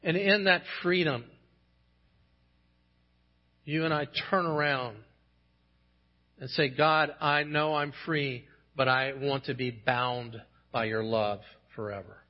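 A man's voice: mid-range voice, slow, long pauses, lo-fi sound. A man preaching a sermon as pastor, earnest and building to impassioned emphasis when he quotes scripture.

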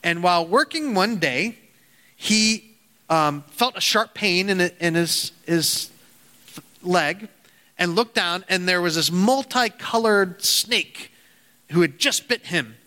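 A man preaching a sermon in an earnest, halting way with frequent restarts, telling a parable to his listeners. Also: sits high, expressive, pushed and bright. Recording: hall reverb.

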